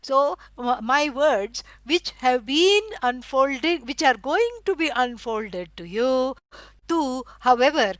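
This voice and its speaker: A middle-aged woman teaching a scripture lecture. She explains at length, fills pauses with "you know" and stresses words for emphasis. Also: high-pitched, animated, dry recording, rough recording. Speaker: Vedanta teacher.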